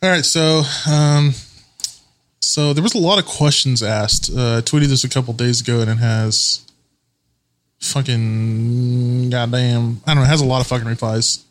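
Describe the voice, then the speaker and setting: A man's voice: mid-range voice, brisk, fairly bright tone. A man co-hosting a casual podcast chat, laughing often, swearing freely and sometimes searching for words. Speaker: podcast co-host.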